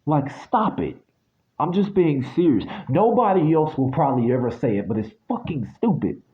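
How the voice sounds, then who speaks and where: A man's voice: on the high side, big pitch swings, normal speed, dull audio. A man from the United States giving a casual spiritual reading that turns into a blunt, sweary rant. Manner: blunt, ranting, swears freely.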